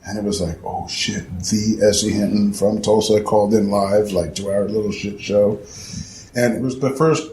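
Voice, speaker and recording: A man guest telling his story in casual, rambling talk, swearing freely and acting out quotes with sudden jumps in pitch. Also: fairly even intonation, normal speed, darkish tone. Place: historic house indoors. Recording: echoey room, faint noise.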